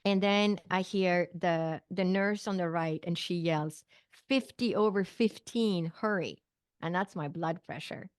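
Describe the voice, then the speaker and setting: A middle-aged Swedish guest on an interview show, who works as a naturopathic physician and psychic medium, tells a personal story vividly with quoted dialogue and little laughs. Her lowish, smooth voice stays fairly even and unhurried, with hardly any pauses. The audio is clean studio sound without echo.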